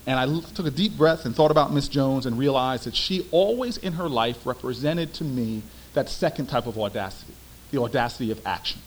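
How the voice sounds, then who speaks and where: A young man, a former city councilman, giving a storytelling speech with emphatic, animated delivery. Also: medium pitch, brisk, a little hiss or hum, rough recording.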